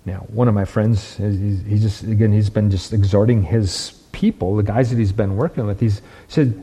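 A man's voice: fairly low pitch, animated, normal speed, few pauses, dark tone, breathy edge. A man preaching a sermon, making emphatic points and checking in with his listeners by asking "right?" and "okay?". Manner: repeats and restarts words while building points.

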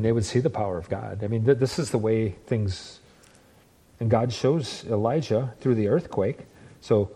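A male pastor delivers a sermon in an earnest, plain-spoken voice. His tone is mellow and warm, and he slows down to press key words home. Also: medium pitch, breathy edge. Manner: earnest preaching, slows down for emphasis, restarts phrases.

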